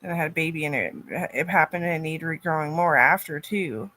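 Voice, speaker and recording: A woman in a rambling personal monologue, cursing often, her loudness swinging from loud outbursts to near-murmurs. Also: sits low, brisk, no echo.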